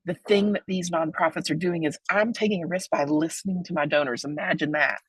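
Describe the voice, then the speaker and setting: A woman in her forties giving a lively webinar talk, joking and chatty, with big excited leaps in her voice. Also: brisk, breathy edge, no echo, rough recording. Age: 40s. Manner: playful, joking, chatty asides; big excited pitch jumps. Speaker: webinar presenter on donor relations.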